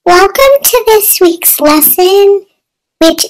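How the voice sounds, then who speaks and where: A very high voice introduces the week's lesson to children, speaking slowly and deliberately. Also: rough recording.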